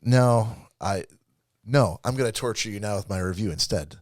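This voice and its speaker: A man's voice: lowish voice, moderate pace, no room sound, clean studio sound. A man co-hosting a podcast, ranting and laughing through a profane movie review in casual chat. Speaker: podcast co-host.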